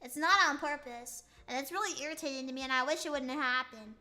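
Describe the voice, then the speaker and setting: Bright, high-voiced goofy young woman streamer. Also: quick pace. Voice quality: slight lisp on S sounds. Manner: goofy, rambling, playful tongue-twister attempts. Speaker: VTuber streamer. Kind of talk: casual live-stream chat reading chat.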